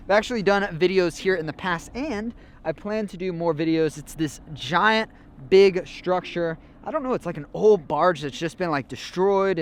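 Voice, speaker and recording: High-voiced excitable young man on a boat. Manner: excitable, slangy, peppered with "like" and "dude". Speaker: fishing vlogger. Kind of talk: casual vlog narration. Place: outdoors on a boat at sea.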